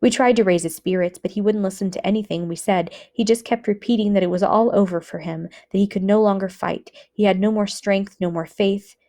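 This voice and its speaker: A woman teacher reading a book aloud for students in a measured, earnest way. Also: medium pitch, fairly even intonation, warm tone.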